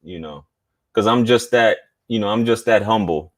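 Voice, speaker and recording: A man's voice: on the low side, normal speed. A man hosting a casual live stream, talking in a laid-back, slangy way and reading viewer chats aloud.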